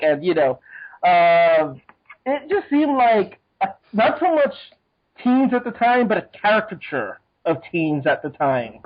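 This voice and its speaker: A podcast guest chatting over an online call, hesitant, filling pauses with ums and "you know". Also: medium pitch, expressive, dull audio. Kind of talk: casual chat.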